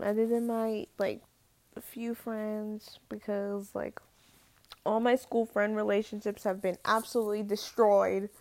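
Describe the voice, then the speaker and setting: Teenage girl, casual vlog rant, slangy, gravelly fry, fairly high voice, dry close sound. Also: darkish tone, dry recording. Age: teens. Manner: slangy, lots of "like", drawling and exasperated. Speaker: student vlogger.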